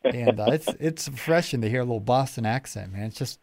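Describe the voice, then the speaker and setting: A man's voice: mid-range voice, fairly quick, vocal fry, darkish tone, a little hiss or hum. A man hosting a podcast, chatting casually in a rambling way with many restarts. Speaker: podcast host. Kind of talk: casual interview chat.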